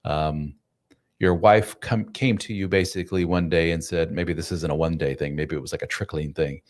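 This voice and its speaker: A man's voice: low-pitched, fairly even intonation, moderate pace. A man hosting a casual live stream from home, chatting loosely with viewers in a self-deprecating way. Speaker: live stream host, men's coach. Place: home room.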